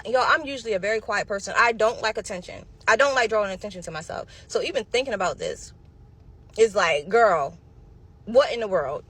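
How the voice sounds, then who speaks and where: A woman recounting a personal story straight to her viewers, chatty and animated. She talks in a casual storytime way, with a mid-pitched voice. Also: fairly quick, breathy edge. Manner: animated, chatty, addresses viewers as y'all and honey. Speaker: vlogger telling her own story.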